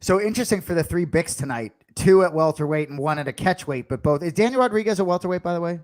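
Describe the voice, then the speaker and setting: A man's voice: a little high, expressive, quick pace. A middle-aged man with a Boston accent, hosting a podcast in casual chat and rambling off on jokey tangents. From Boston area. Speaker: podcast host.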